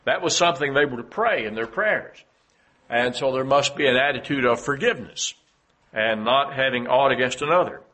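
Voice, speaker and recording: A man delivering a sermon in a husky, bright voice. He speaks in a measured way, reads scripture aloud and pauses with the odd "uh". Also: mid-range voice. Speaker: preacher.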